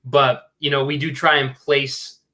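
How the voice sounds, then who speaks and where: Rambling filmmaker, full of "like"s. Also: male voice, medium pitch, little pitch movement, a little slow, pushed and bright. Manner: rambling, filler-heavy, earnest. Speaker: filmmaker guest. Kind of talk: casual interview chat.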